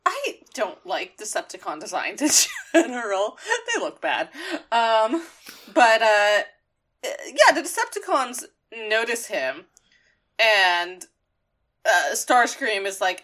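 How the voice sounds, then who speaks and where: A woman's voice: mid-range voice, animated, a little slow, sharp tone. A woman co-hosting a casual chat, laughing often and swearing while she retells scenes. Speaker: podcast co-host.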